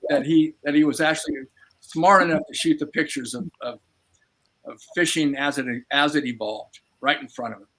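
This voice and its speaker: A man chatting casually as a guest, halting and repeating words as he talks. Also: on the high side, a bit bright. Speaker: guest in conversation. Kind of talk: casual chat.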